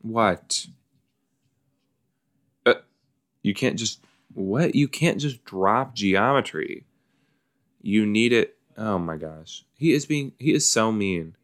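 A man's voice: lowish voice, lively intonation, takes it slowly, long pauses, fairly bright tone. A man hosting a casual watch-along podcast, reacting chattily to a show with lots of likes and you-knows. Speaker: podcast host reacting to an episode.

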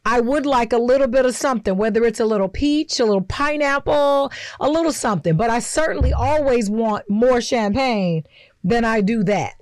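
A woman's voice: a little high, normal speed, a little mellow, no room sound. A woman co-hosting a casual chat over drinks, telling a candid personal story and quoting others as she goes. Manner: candid, storytelling with quoted voices. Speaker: co-host.

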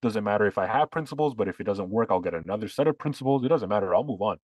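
A man's voice: lowish voice, lively intonation, rapid-fire, darkish tone, no room sound, poor audio. Man, podcast co-host, sarcastic, rambling restarts, dry close mic. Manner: sarcastic, talks in long runs with restarts. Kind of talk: casual political chat.

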